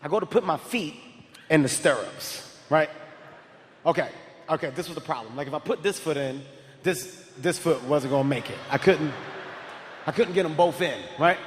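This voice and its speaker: A man doing stand-up comedy, telling stories in a loud, animated way and often shouting. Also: on the high side, moderate pace, a little hiss or hum. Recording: live hall reverb, faint crowd ambience.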